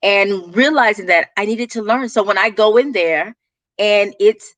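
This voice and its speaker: A woman's voice: medium pitch, unhurried, no room sound. A woman with a Texas accent, talking about her business as a guest in a casual interview, telling stories with lots of laughter. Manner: animated storyteller, laughs often.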